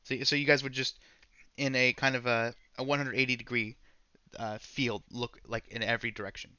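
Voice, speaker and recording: Guy gm with a bright voice, kinda rambly, keeps rephrasing stuff, dry slightly muffled mic. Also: mid-range voice, flat delivery, a little fast, clear, resonant tone, no echo. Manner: rambling, self-correcting narration. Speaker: game master. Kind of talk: narrating a tabletop game.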